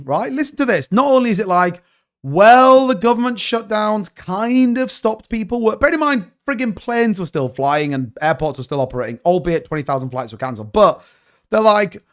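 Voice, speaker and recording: Brief: male livestream host, higher voice, animated, cursing, exasperated. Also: fairly quick. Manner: animated, swearing, exasperated rants. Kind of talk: casual livestream commentary.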